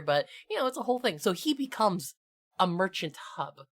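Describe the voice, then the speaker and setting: A woman's voice: medium pitch, very animated, a little fast. A woman co-hosting a gaming podcast, chatting casually and enthusiastically, full of "like" fillers. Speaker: podcast co-host and game master. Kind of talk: casual chat.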